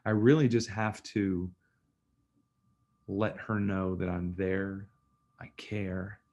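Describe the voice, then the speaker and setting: A man's voice: fairly low pitch, creaky. A man giving an online training on listening, talking conversationally and telling stories with acted-out dialogue, over a video call mic. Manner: conversational, storytelling, acts out dialogues. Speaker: communication skills trainer.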